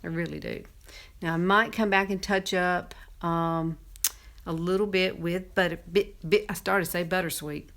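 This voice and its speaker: A woman's voice: fairly low pitch, fairly even intonation, unhurried, a bit bright. Chatty Southern woman in her fifties. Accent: Southern American. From Southern United States. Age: 50s. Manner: chatty, laughs often, talks while applying makeup. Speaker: makeup presenter. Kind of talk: casual makeup tutorial.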